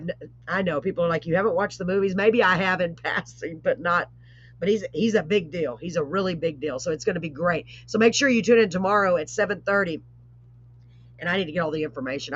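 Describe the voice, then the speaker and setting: A woman hosting a live online show, chatting casually with rambling asides and warm blessings. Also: lowish voice. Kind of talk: casual live-stream chat. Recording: dull lo-fi stream audio.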